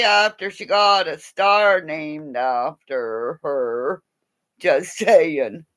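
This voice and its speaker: A woman from Canada chatting on a late-night livestream, playful and rambling, swinging between loud calls and quiet mutters. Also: sits low, extremely slow.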